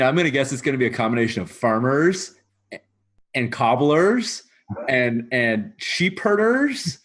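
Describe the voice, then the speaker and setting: Guy playing a practical old soldier quartermaster, lively pitch, blunt and fed up, tabletop game. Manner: exasperated, plain-spoken. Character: veteran male quartermaster, practical and uneasy.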